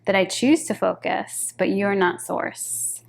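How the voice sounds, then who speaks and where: A woman, a psychotherapist on as a guest, explaining ideas in a warm, affirming way. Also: mid-range voice, slow pace, vocal fry. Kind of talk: casual conversation.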